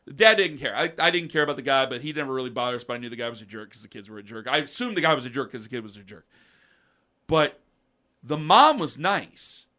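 Bright-voiced rambling man telling stories. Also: medium pitch, fast talker. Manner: rambling, animated storyteller with mocking quoted voices. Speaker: podcast co-host. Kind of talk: casual storytelling chat.

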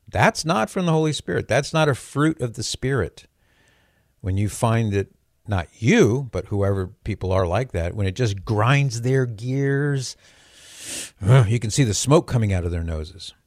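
An older man hosts a radio call-in show, chatty and joking with a lightly sarcastic edge. His voice sits on the low side, captured on a studio microphone with studio quality and no echo.

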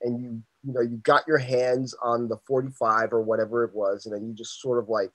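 A man's voice: medium pitch, little pitch movement, fairly quick, a bit bright, no room sound, rough recording. New York man, casual interviewer, meandering questions, dry close recording. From Queens, New York. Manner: loose, conversational, leans on fillers like "sort of" and "like".

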